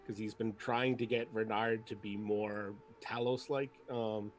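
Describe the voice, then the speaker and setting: A man playing a tabletop game, casually and lively describing his character's actions. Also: on the low side, unhurried. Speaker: player.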